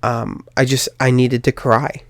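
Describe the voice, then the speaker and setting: A man's voice: mid-range voice, little pitch movement, a little slow, no room sound, studio quality. A young man hosting a podcast, telling a personal story in a rambling way, with many fillers and restarts. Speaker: podcast host.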